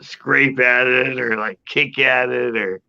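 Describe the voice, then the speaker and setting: Gravelly man telling a funny story. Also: medium pitch, slow, muffled recording. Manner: animated storyteller, acts out quoted voices, laughs a lot. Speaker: podcast panelist. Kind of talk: casual storytelling chat.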